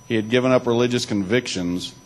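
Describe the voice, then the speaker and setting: On a poor-quality recording, a man with a mid-range voice gives a church talk at a quick pace. He moves between reading aloud and loose spoken asides, occasionally restarting.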